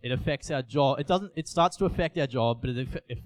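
With a medium-pitched, brisk voice and no echo, a young youth preacher delivers an earnest, confessional personal sermon. He restarts himself frequently.

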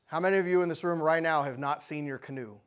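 A man preaching a sermon, telling a story with lively energy and often asking the audience questions. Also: fairly high pitch, fast talker, clean tone.

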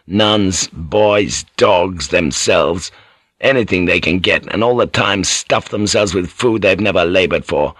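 A man's voice: sits low, measured pace, fairly bright tone, dry recording, studio quality. A man doing a coarse, mocking samurai guard. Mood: scornful. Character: brash rough male samurai guard, scornful.

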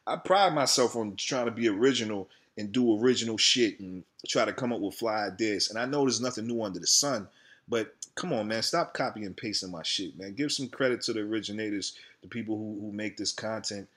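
A man's voice: lowish voice, a little fast, fairly bright tone. A man, ranting heatedly and profanely in a casual vlog about his channel. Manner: profane, heated, repetitive venting. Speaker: video creator.

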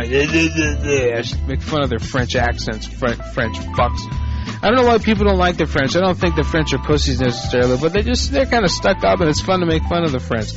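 A man's voice: fairly high pitch, highs cut off. Profane rambling male radio host. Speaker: prank call show host. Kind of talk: crude rambling radio chat.

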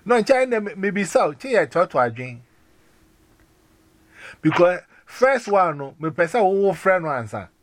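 A man with a Ghanaian accent in a casual phone chat, talking in an animated, rambling way with many restarts and exclamations. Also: sits high, normal speed, long pauses, no room sound. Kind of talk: casual phone chat mixing Twi and English.

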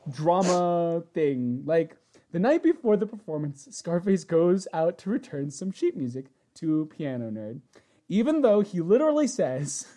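Animated woman recapping a show. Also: fairly low pitch, a little slow. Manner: animated, acts out characters' lines. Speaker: podcast co-host. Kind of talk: casual chat recapping a show.

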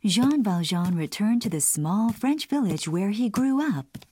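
A woman narrating a storybook in a clear, expressive reading voice. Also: medium pitch, unhurried, a little hiss or hum.

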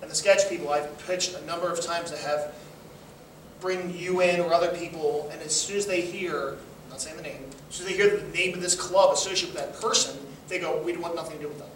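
A male comedian chatting casually, quick and sarcastic with many restarts. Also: fairly high pitch, a bit bright. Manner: quick, sarcastic, self-correcting. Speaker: comedian, guest. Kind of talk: casual chat. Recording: echoey room, mic at a distance, faint noise.

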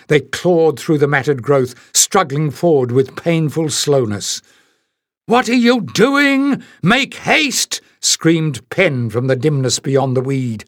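A man reading a fantasy novel aloud in a measured, expressive audiobook narration. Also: mid-range voice, dry recording, clean studio sound.

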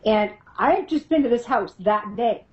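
Interviewed about her paranormal investigation work, a middle-aged woman tells stories in a casual, animated way, laughing often and acting out the voices she quotes. Her voice is on the high side and expressive at normal speed, though the audio is dull.

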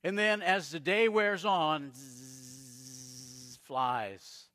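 Bright slightly high voiced pastor guy from arizona, storytelling sermon, drops quiet then booms. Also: expressive. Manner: storytelling preacher, dramatic pauses and swings in loudness.

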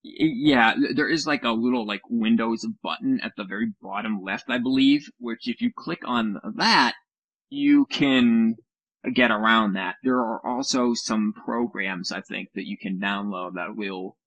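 A man's voice: medium pitch, a little slow, a bit bright, no room sound, lo-fi sound. Man, casual podcast co-host, mocking and sarcastic, dead-dry computer mic. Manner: sarcastic, mocking with silly put-on voices, swears. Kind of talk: casual chat over a call. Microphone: computer mic on a voice call.

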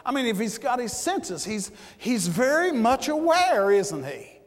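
Fired-up preacher guy, kinda high voice, big echoey church hall. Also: lively intonation, measured pace. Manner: repeats words, shouts in bursts. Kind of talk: fiery sermon. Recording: church hall with long reverb.

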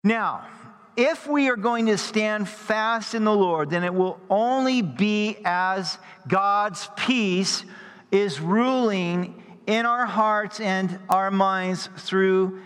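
Pastor, male, earnest sermon delivery, high voice, long reverb of a church hall. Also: slow, a bit bright, clear, resonant tone. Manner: earnest, repeats words when he restarts.

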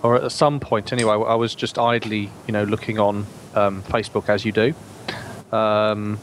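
A man's voice: lowish voice, level tone, moderate pace. Rambling man, faint hiss. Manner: rambling, hesitant storytelling. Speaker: podcast guest. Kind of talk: casual chat.

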